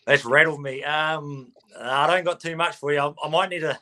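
A man's voice: on the high side, steady tone, normal speed, sharp tone. Easygoing New man. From New Zealand. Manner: easygoing, brief answers. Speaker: rugby player guest.

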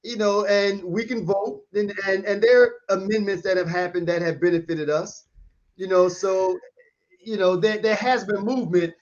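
A man in a casual debate who talks in a measured way and hedges a lot with "you know". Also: high voice, fairly even intonation. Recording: dull lo-fi sound.

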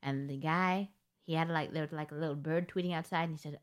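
A woman's voice: low voice, steady tone, fast. A woman co-hosting a podcast, telling a story in a rambling, giggly, casual way. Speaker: podcast co-host. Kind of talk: casual chat.

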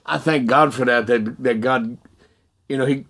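Gravelly, husky male storyteller. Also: medium pitch, normal speed. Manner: animated, laughing storyteller who acts out dialogue. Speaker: guest telling his testimony. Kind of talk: casual spoken storytelling.

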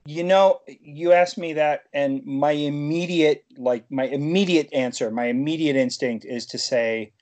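A man's voice: a little high, measured pace, hardly any pauses, darkish tone. A man talking as a podcast guest, telling long rambling stories and often breaking off to restart his sentences. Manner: rambling, self-interrupting storyteller. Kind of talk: casual interview chat.

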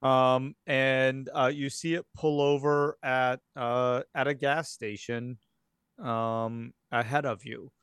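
A man's voice: mid-range voice, flat delivery, slow, fairly bright tone, clear, resonant tone, no room sound, studio quality. A man running a tabletop game as game master, narrating scenes in a rambling way with many fillers. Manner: rambling, filler-heavy storytelling.

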